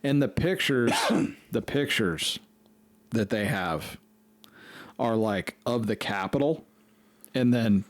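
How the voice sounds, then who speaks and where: A man's voice: fairly low pitch, expressive, slow pace, long pauses, no room sound. A man hosting a podcast, telling a rambling, profane story in casual chat. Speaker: podcast host.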